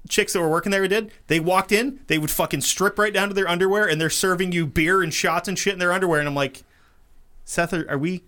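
Bright-voiced profane podcast host. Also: male voice, high voice, fast talker, few pauses. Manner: profane, animated storytelling with acted quotes. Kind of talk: casual storytelling chat.

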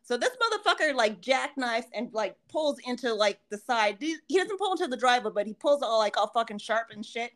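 A high-pitched woman, co-hosting a casual podcast. She swears constantly and tells animated stories, acting out everyone's lines as she goes. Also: fairly quick, hardly any pauses. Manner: profane, animated storytelling with acted-out quotes. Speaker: podcast co-host. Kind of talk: casual chat.

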